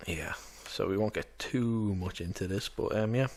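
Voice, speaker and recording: A man's voice: fairly low pitch, normal speed, a little mellow. A man who runs tabletop games, chatting casually and loosely about books he recommends, with lots of fillers. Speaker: tabletop game master reviewing books. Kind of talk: casual rambling book review.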